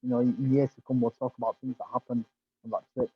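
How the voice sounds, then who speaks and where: Halting man on a dry call. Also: mid-range voice, level tone, slightly rough, no room sound, phone-quality sound. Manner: halting, many restarts and fillers. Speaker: podcast guest. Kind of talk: casual interview chat.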